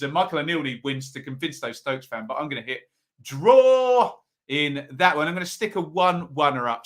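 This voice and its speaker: Hosting a football predictions show, this chatty man has a bright, medium-pitched voice. He talks with viewers on a live stream, reading out their comments and tossing in quick asides.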